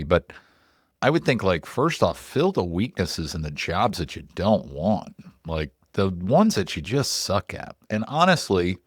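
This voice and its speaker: A middle-aged man with a lowish voice hosts a podcast in loose, animated chat. He swears now and then and leans hard on "like". The sound is dry and close, with no room around it. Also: no echo. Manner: loose, animated and profane, heavy on "like" fillers. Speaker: podcast co-host.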